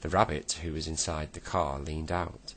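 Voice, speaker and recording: A man reading a bedtime story aloud, slow and deliberate. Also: a bass voice, steady tone, a bit bright, slight background noise.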